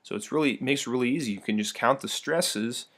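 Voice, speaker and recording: A man's voice: mid-range voice, quick pace, fairly bright tone. A young man gives a recorded classroom lesson in his own middle-range voice. He keeps it light and playful, dropping jokes and asides between the definitions as he walks through the material. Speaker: teacher.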